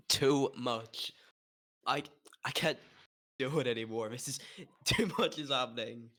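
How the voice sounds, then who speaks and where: A man playing his character in a tabletop role-play, talking haltingly and despairingly, with nervous laughs. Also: medium pitch, pushed and bright. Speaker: player.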